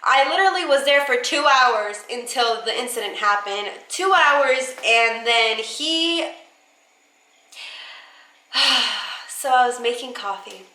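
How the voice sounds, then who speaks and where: A young woman telling a story in a casual vlog, animated and full of fillers. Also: a little high, slow pace. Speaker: vlogger. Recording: echoey room.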